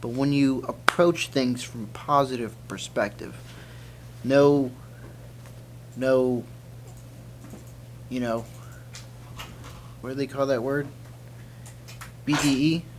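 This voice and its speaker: A man's voice: medium pitch, steady tone, slow, pauses often, slight background noise. A man giving a mockumentary talking-head interview in an office, rambling and self-assured with lots of fillers. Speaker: office team member.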